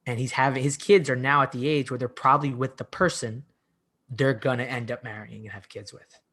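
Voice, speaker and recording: A man's voice: medium pitch, brisk. A man in his forties, a coach and podcast guest, telling stories casually and with animation. He leans heavily on "like" and often restarts his sentences. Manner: animated storyteller, heavy use of "like", frequent restarts. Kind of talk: casual conversational storytelling.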